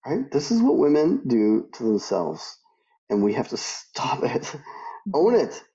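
A middle-aged man answering interview questions emphatically, restarting his sentences often and jumping up in pitch when he quotes other people. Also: big pitch swings, takes it slowly, mellow, muffled recording. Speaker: guest, aviation professional.

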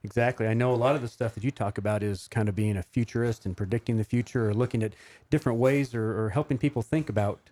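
A man's voice: medium pitch, fast talker, warm tone. A man hosting a podcast in casual chat, chatty, with lots of fillers. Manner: chatty, filler-heavy, laughs easily. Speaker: podcast host.

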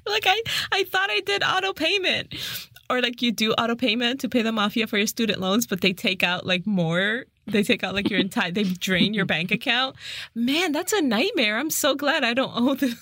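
A woman's voice: a little high, expressive, normal speed, sharp tone, dry recording, clean studio sound. A young woman co-hosting a casual podcast, recapping a movie with jokes, frequent laughter and playful voice impressions. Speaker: podcast co-host.

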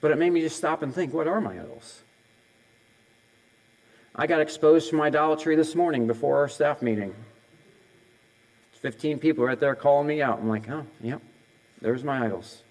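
A middle-aged male pastor preaches a sermon in a conversational way, firing off question after question at the listeners. His voice sits a little higher than most men's, and he laughs off his own slips of the tongue. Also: normal speed, long pauses, a little mellow, low-quality recording. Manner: conversational, asks many questions in a row.

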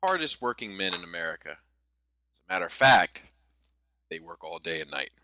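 Animated, bright-voiced man telling stories. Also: sits low. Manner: animated storytelling, swearing, halting restarts. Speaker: podcast co-host. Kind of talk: casual podcast chat.

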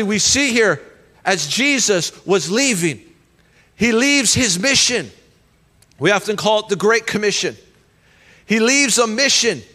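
Man, pastor, sermon, emphatic call-and-response, high voice, long church-hall reverb. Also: sharp tone.

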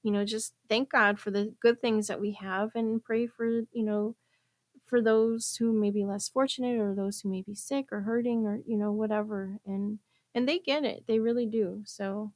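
A woman's voice: medium pitch, fairly even intonation, moderate pace, darkish tone, dry recording. A woman in a casual podcast chat, speaking earnestly and leaning on "you know". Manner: earnest, faith-centered, many "you know"s.

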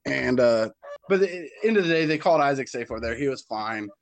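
A man in casual podcast chat, retelling a youth baseball game with lively energy and acting out the shouting. His voice sits at an ordinary pitch. It is recorded close and dry, with no room sound. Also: fast, gravelly, dry recording. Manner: animated storyteller who acts out shouted quotes.

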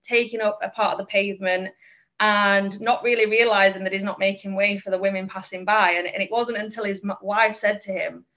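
Woman, guest trainer, candid reflective chat, mid-pitched voice, dull podcast sound. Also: little pitch movement, a little fast, sharp tone. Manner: candid and reflective, frequent small laughs. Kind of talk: casual podcast conversation.

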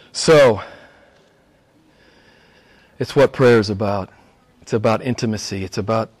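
A middle-aged male pastor preaches a sermon, swinging between hushed asides and high, emphatic exclamations.

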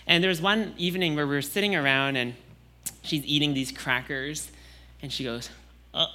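His voice on the high side and his speed normal, a young man gives a Sunday sermon. The tone is laid-back and chatty, sprinkled with casual fillers and restarts.

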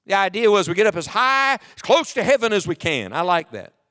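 Male pastor, high resonant voice; preaches with sweeping dynamics, drops to a hush. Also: sing-song, a little fast. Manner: preaching with sweeping swings in volume, dropping to near hush. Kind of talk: sermon. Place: church sanctuary.

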